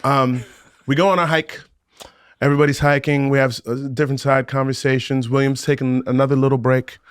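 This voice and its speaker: A man on a rewatch podcast, animated and often laughing as he retells scenes from a show he acted in. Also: medium pitch, a little fast, clear, resonant tone, no room sound, studio quality. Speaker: podcast co-host and actor looking back on his show. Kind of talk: casual rewatch podcast chat.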